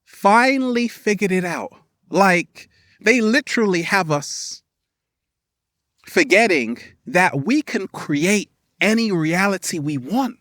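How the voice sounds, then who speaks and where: A man giving an animated, playful motivational vlog outdoors in nature, laughing often. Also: sits high, slow, no room sound, studio quality. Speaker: spiritual vlogger.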